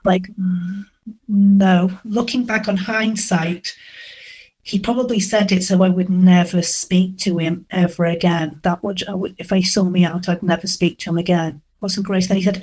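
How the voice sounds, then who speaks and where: A middle-aged woman telling candid dating stories in an interview, animated and acting out what people said. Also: mid-range voice, normal speed, poor audio. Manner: candid, animated, acts out quoted dialogue. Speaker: interview guest. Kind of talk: frank storytelling.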